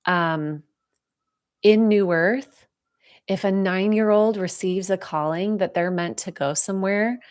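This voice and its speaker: A woman giving a live spiritual talk, speaking softly and slowly with heartfelt pauses as she answers viewer questions, moved close to tears. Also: mid-range voice. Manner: soft, heartfelt, slow and reflective with pauses.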